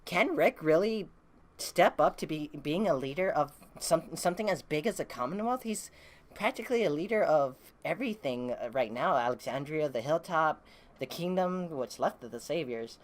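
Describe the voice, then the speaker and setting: A woman's voice: low-pitched, expressive, moderate pace. A woman casually recapping a comic book, rambling with many fillers and the odd curse.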